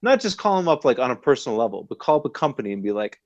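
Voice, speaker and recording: A man's voice: medium pitch, very fast, no room sound. Guy cohosting a podcast, kinda tipsy, rambling with lots of likes, dry muffled mic. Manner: animated, rambling, many fillers. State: slightly tipsy. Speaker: podcast co-host. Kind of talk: casual chat.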